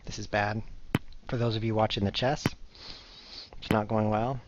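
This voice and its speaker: While playing chess on a live stream, a man keeps up casual, rambling, self-mocking commentary for his viewers. He talks at normal speed in a lowish, level voice, captured in a dull lo-fi recording with faint background noise.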